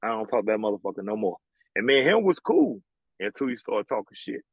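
A man's voice: lowish voice, fast talker, no echo, lo-fi sound. A man, a former college basketball player telling stories bluntly and with lots of swearing in an interview. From American South. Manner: blunt, profane, animated storytelling. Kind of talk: casual storytelling interview.

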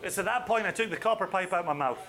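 A man leading a whisky tasting for a live audience, chatty and enthusiastic with quick asides. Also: high-pitched, a bit bright.

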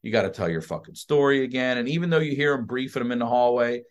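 A man, a comedian guest on a podcast, telling a hospital story in a casual, profane, animated way. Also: medium pitch, fast talker. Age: adult with a child. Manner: animated, profane, acts out other people's voices.

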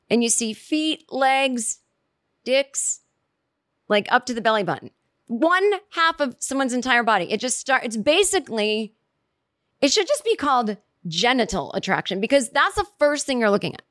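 A woman's voice: fairly high pitch, sing-song, moderate pace, fairly bright tone, dry recording, clean studio sound. A woman telling a casual comic story, rambling and chatty, acting out quoted reactions as she goes.

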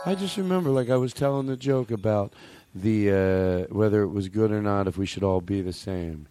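A man's voice: fairly low pitch, brisk, over loud music. A man hosting a comedy podcast, chatting casually and rambling through self-corrections. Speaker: podcast host.

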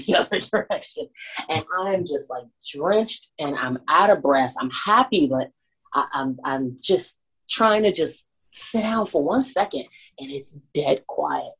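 A young woman with a Washington D.C. accent, a pro wrestler talking casually in an interview, animated and laughing often as she acts out moments. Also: on the low side, normal speed, husky.

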